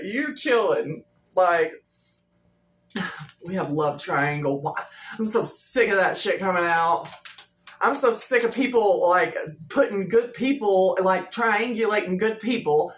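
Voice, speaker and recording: A woman's voice: medium pitch, expressive, measured pace, a bit bright. A woman giving a casual, chatty tarot reading to her viewers, talking loosely with lots of fillers and repeats. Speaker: tarot reader. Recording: echoey room with faint noise.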